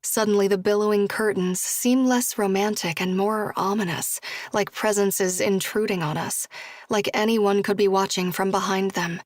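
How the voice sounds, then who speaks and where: A woman narrating a first-person audiobook in a soft, even voice, dropping to a hush for her own dialogue. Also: medium pitch, normal speed, no echo.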